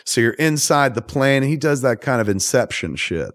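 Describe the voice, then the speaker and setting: A man's voice: medium pitch, big pitch swings, normal speed, no room sound. A man hosting a podcast, recapping a film in a profane, rambling and enthusiastic way. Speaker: podcast host. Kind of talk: casual movie recap.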